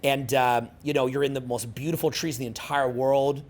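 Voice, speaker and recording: A man's voice: medium pitch, a little fast. A man in his forties giving a casual, rambling seminar talk, swearing freely and peppering his speech with fillers. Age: 40s. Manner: rambling, profane, animated, filler-heavy. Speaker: seminar speaker.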